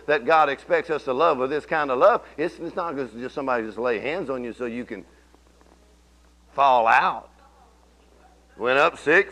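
A man preaching a sermon in church, telling folksy stories and swinging from low murmurs to shouted declarations. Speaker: pastor.

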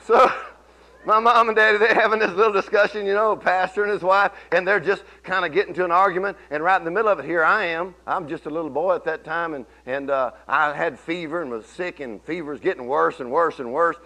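A man's voice: high-pitched, fairly quick, sharp tone, low-quality recording. A middle-aged man preaching a sermon, telling folksy stories and rising into emphatic bursts.

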